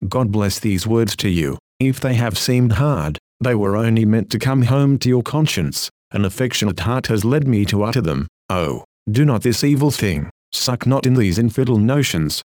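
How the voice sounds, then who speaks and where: A man's voice: on the low side, animated, moderate pace, a little mellow, dry recording, clean studio sound. A man reading an old-fashioned sermon aloud in a solemn, earnest, pleading manner. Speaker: preacher.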